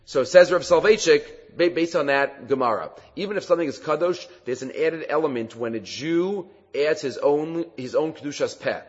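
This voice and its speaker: A man giving a Talmud class lecture, animated and often halting to restart his phrases. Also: on the high side, slightly rough. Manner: animated, acts out quoted rabbis in a raised voice; halting, with many fillers and restarts. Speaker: Talmud teacher. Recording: reverberant hall, dull lo-fi sound.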